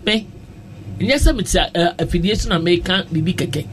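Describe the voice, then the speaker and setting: A man in casual radio chat, talking at length and answering with quick short agreements. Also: high-pitched, lively intonation, a little hiss or hum. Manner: chatty, reacts with short agreements.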